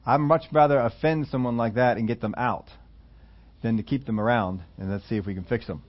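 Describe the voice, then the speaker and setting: A man preaching a sermon in a conversational storytelling way, laughing between points and rising into loud emphatic quotes. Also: mid-range voice, a little fast, highs cut off. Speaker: pastor.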